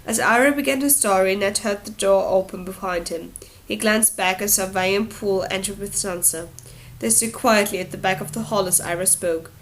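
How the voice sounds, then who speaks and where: A woman reads a novel aloud as an audiobook narrator. Her telling is steady and even, with a voice of middle pitch. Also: moderate pace, a little hiss or hum, poor audio. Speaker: audiobook reader.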